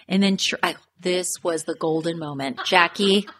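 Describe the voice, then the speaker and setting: Animated woman gossiping about reality TV. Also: lowish voice, moderate pace, hardly any pauses. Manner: animated storytelling, acting out quotes, swears freely. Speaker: podcast co-host. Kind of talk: casual chat recapping reality TV.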